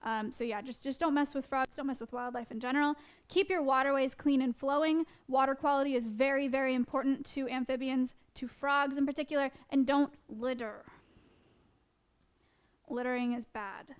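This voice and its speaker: High, clear-voiced fast-talking woman. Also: fairly even intonation. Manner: fast-talking with frequent fillers. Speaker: wildlife educator and streamer. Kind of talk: casual live-stream presentation and Q&A.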